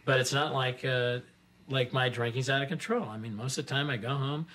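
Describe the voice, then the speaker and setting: A man's voice: mid-range voice, fairly even intonation, a bit bright, close to an everyday voice. A man playing a defensive drinking father. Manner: halting, restarts and repeats words. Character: stressed middle-aged father who drinks, defensive. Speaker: therapy client. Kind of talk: simulated therapy session.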